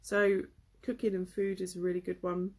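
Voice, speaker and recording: Chatty teacher, female, low and husky, loose live-lesson delivery. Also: normal speed. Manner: chatty, relaxed, full of fillers. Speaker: English teacher. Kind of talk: casual live-streamed lesson.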